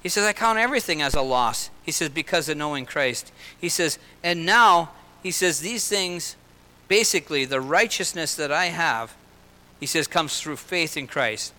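A man preaching a sermon in an earnest way, slowing and lifting his voice for emphasis and dropping into personal asides. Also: a little high, animated, bright, forceful tone. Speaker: pastor. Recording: long hall reverb.

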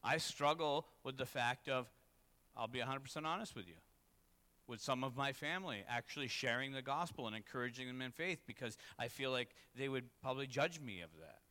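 A man's voice: medium pitch, animated, a little fast, sharp tone. A man, a pastor, preaching a candid, confessional sermon that rises to emphatic peaks. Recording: long reverb in a hall.

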